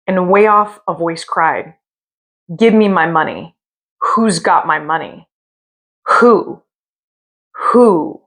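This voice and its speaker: A woman reading a scary story aloud from a hotel room, with slow, drawn-out dramatic delivery. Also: lowish voice, fairly bright tone.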